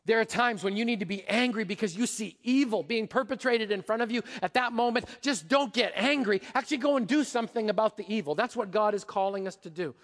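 A pastor preaching a sermon, animated, dropping to a hush and rising to a shout. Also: male voice, sits high, quick pace, hardly any pauses, big-room sound. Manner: animated, swings from hushed to shouting.

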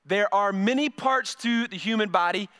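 A man's voice: high voice, normal speed, sharp tone, clear, resonant tone. A middle-aged male pastor giving a conversational sermon, often repeating words as he starts a phrase.

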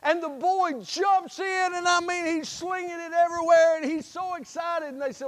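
Animated preacher man in an echoey hall. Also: very high-pitched, moderate pace, hardly any pauses. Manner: folksy, animated storyteller. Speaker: pastor. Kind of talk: sermon with storytelling. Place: church sanctuary.

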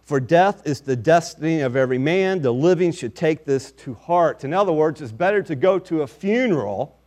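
A man's voice: a little high, animated, moderate pace, a little mellow. A man preaching a sermon, reading scripture aloud and stressing his points firmly.

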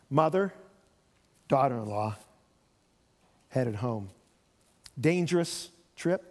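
A man's voice: on the high side, darkish tone. A man preaching a sermon, retelling a Bible story and acting out the voices of its people. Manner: storytelling, acts out voices of biblical figures. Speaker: pastor. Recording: long reverb of a church hall.

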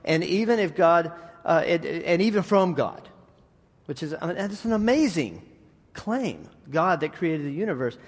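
An animated man preaching a sermon with a lively, swinging delivery and a fairly high voice. He talks conversationally, restarting phrases and slipping in asides. His voice rings out with a long hall reverb. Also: normal speed. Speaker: preacher and middle school teacher.

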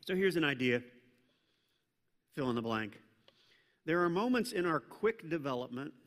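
Animated male pastor in a reverberant church. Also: a little high, normal speed. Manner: animated, playful storytelling with sudden loud mock commands. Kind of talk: sermon. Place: church sanctuary. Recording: long reverb from a large church hall.

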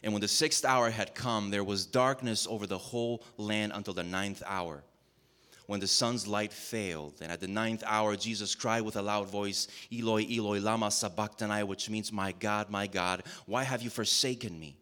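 A man with a very deep voice reads scripture in a measured, reverent manner. He slows down on key phrases and drops to a quieter voice whenever he announces the next passage. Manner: measured, reverent reading with slowed emphasis. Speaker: scripture reader. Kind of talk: solemn Bible reading.

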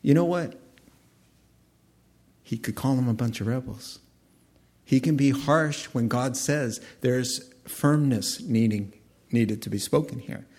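Male pastor, sermon; husky, mid-pitched, animated storyteller. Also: takes it slowly, pauses often. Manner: animated storytelling preacher, acting out scenes.

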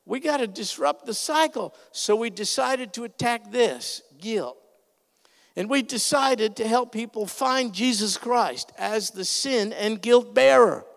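High-pitched gravelly preacher man in a hall. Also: expressive, unhurried. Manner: earnest, emphatic preaching with sudden loud swells. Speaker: pastor. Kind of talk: sermon. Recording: reverberant hall sound.

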